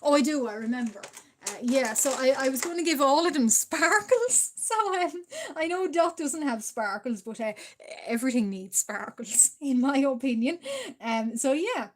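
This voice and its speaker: A woman's voice: high-pitched, expressive, moderate pace. Chatty Irish woman streaming her drawing. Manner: hesitant, chatty, many fillers, laughs often. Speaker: art livestreamer. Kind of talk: casual livestream chat while drawing.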